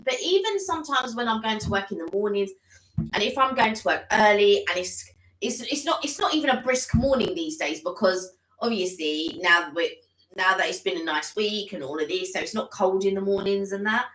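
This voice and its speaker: Female co-host, mid-range, bright, chatty and rambling, casual live-stream chat. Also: mid-range voice, animated, normal speed. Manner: chatty, rambling, full of "like" and "sort of". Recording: roomy echoey room.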